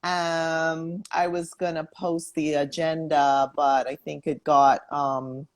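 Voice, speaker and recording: A woman's voice: sits low, little pitch movement, slow. A woman from the US East Coast hosting a casual interview over a video call, friendly and a bit scattered. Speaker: host.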